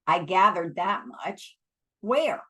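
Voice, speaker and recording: A woman reading aloud, voicing a teasing, sharp-tongued young woman. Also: lowish voice, animated, slow, husky, exaggerated voice. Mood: incredulous.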